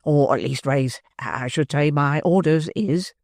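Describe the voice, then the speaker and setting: A man's voice: a little high, unhurried, gravelly, no echo, studio quality. A man voicing a pompous, portly male servant who blusters indignantly. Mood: blustering.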